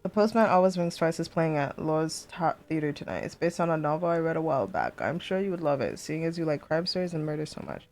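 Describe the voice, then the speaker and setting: A woman streamer playing a story game, reading letters aloud in a steady voice and breaking into chatty, excitable remarks. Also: deep voice, quick pace, hardly any pauses. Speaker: let's play streamer.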